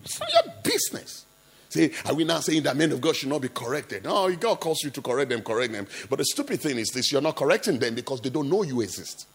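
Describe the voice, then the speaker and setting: A male pastor preaching an impassioned sermon, jumping between quiet asides and loud rebukes full of rhetorical questions. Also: medium pitch, huge pitch swings, quick pace, gravelly, husky.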